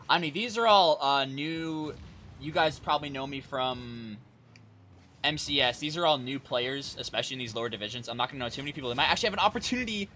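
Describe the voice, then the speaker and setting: A young man casts an online car soccer match live from his home stream setup, using a desk mic with a face cam. Chatty and self-deprecating, he calls plays between asides in casual esports commentary, his medium-pitched voice expressive, fast, pushed and bright, with a little hiss or hum.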